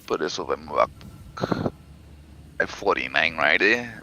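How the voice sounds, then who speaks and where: A man's voice: a bass voice, lively intonation, moderate pace, pushed and bright, slight background noise. A man playing a game with a friend, talking in brash, slangy casual chat and swearing freely. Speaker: gamer.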